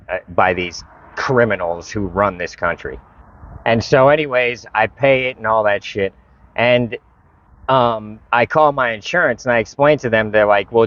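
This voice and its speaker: A man's voice: on the low side, fairly bright tone, no room sound. A man vlogging, telling a frustrated, profane story and retelling his conversations with others. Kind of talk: casual storytelling rant. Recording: dull lo-fi recording.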